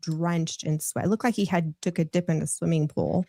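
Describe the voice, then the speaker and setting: A woman's voice: sits low, fairly even intonation, moderate pace, gravelly, warm tone, no room sound. A woman guest on a podcast, telling a long story in a rambling, casual way and laughing often. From United States.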